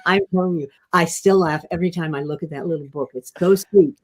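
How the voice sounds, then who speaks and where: An older actress telling stories in an interview, gentle and self-deprecating, often restarting and laughing softly. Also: female voice, on the low side, brisk. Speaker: guest actress. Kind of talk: casual interview storytelling.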